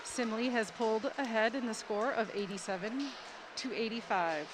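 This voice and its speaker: A woman doing live commentary at a swim meet in an indoor pool, excitable and rising to shouts at close finishes. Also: on the high side, moderate pace. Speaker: sports commentator. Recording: noisy poolside ambience.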